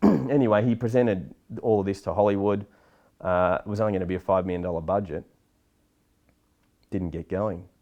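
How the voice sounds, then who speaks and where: A man's voice: lowish voice, fast, lo-fi sound. A middle-aged man, talking bluntly and with energy in a casual interview about filmmaking. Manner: blunt, animated, swears casually. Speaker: filmmaker guest.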